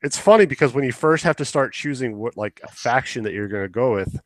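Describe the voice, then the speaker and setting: A man's voice: medium pitch, animated, brisk, no echo. A man co-hosting a podcast in casual chat, rambling and swearing casually as he acts out quotes. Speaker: podcast co-host.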